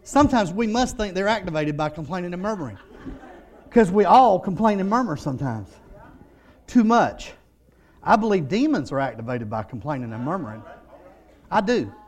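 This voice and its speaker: A middle-aged male pastor preaching a sermon, telling stories and building to loud, shouted declarations. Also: high-pitched, very animated, moderate pace, long pauses.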